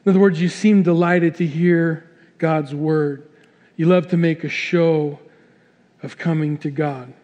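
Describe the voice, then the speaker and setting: A middle-aged male pastor preaches to his congregation in an animated, storytelling way, acting out the people in his examples. His voice sits fairly high for a man. The sound carries a long reverb from the church sanctuary. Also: a little slow, highs cut off. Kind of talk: sermon.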